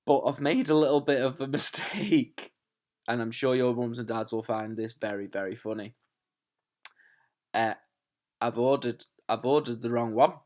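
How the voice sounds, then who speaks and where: Talking into a camera from his living-room sofa, this male teacher chats casually with his pupils and then reads a storybook aloud. He has a mid-range, darkish voice at normal speed, with long pauses. He frequently laughs at himself in a chatty way.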